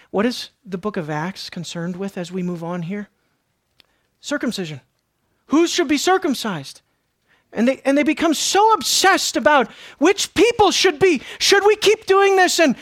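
Impassioned high-voiced woman preaching. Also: lively intonation, measured pace, no room sound, clean studio sound. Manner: impassioned, swings from hushed to loud. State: breathless at times. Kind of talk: sermon.

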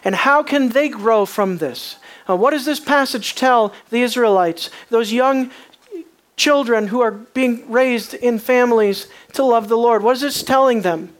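A preacher delivering a sermon, moving from quiet, low passages to loud, emphatic peaks and asking the congregation many rhetorical questions. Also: a little slow.

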